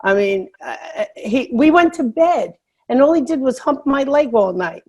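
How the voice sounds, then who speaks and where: A woman's voice: high-pitched, lively intonation, normal speed, a little mellow. A woman from New York doing stand-up over a video call, with chatty, rambling delivery. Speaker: stand-up comedian. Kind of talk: stand-up storytelling.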